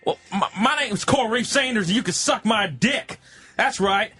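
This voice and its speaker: A man doing a crude, vulgar drifter in his mid-thirties who bellows his boasts. The voice is pushed up high and bright, loud and coarse, on a radio comedy show. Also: moderate pace, slightly rough, exaggerated voice. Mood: crude boasting. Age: 35 (figure).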